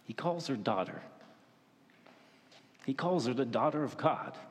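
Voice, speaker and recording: A male pastor preaching a sermon, asking the congregation questions and dropping to a hush for tender moments. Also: medium pitch, expressive. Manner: questioning, dramatic pauses, softens to a hush for gentle moments. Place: church. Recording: reverberant church hall.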